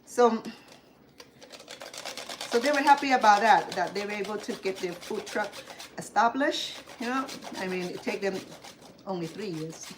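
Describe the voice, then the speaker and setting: A Cambodian woman in her home kitchen hosts an informal cooking demonstration, her mid-range voice animated at normal speed with long pauses. She rambles, using many fillers and restarts. Clattering dishes, pots and pans make the background noisy.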